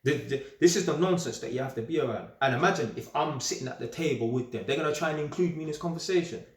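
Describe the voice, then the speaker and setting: A young man giving a casual, straight-talking monologue in streetwise slang, animated and emphatic and often repeating himself. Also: fairly high pitch, fast talker. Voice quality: streetwise slang-heavy talk. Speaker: vlogger. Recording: roomy echo.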